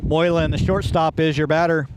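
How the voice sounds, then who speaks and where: A man calling a high school softball game, upbeat and joking between plays. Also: level tone, moderate pace, noisy background. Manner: upbeat, jokey, plugs ads. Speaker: play-by-play commentator. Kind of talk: sports commentary. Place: windy outdoor ballpark press table.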